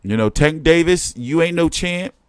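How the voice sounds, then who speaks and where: A man's voice: fairly high pitch, lively intonation, moderate pace, smooth, dry recording. A man hosting a boxing show, talking in a rambling, profane, slangy way while he complains during a casual live stream. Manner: slangy street talk.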